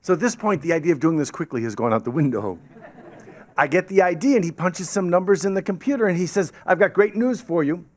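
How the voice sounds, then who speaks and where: A man's voice: high-pitched, fast. A man telling a story as a guest speaker to a club audience, acting out the voices of the people he quotes. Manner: animated, acts out quoted voices. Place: meeting hall with an audience. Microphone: podium microphone.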